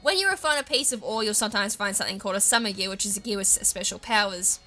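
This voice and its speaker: A woman's voice: mid-range voice, racing, pushed and bright, soft background music. A young Australian woman chatting through a mobile game playthrough, rambling off on tangents with a laugh now and then. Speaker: gaming YouTuber. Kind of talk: casual let's-play commentary.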